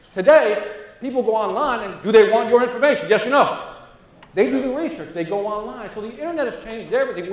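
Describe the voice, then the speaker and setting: A man giving an energetic sales seminar, often quizzing the audience with quick questions. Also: high voice. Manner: energetic, asks the crowd questions. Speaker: sales trainer. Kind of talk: motivational seminar talk. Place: seminar room. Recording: echoey room, far from mic.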